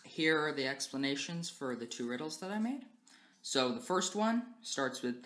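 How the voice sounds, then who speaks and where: A young man studying a language gives a class presentation, methodically explaining things step by step with frequent "um" and "uh" fillers. His voice is medium-pitched and a bit bright, and the recording has a roomy echo.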